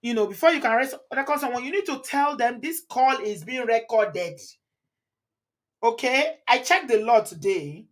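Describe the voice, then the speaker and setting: A woman's voice: a little high, lively intonation, moderate pace. Chatty Nigerian woman host. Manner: chatty, switches into Pidgin and Yoruba, laughs often. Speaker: channel host. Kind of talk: live commentary reading viewer comments.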